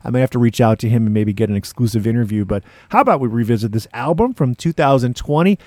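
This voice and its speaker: Laid-back male rockabilly DJ, mellow tone. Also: mid-range voice, lively intonation, fast, no room sound. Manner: laid-back hipster slang, says "man" often. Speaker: radio DJ and podcast host. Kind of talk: casual music-show patter.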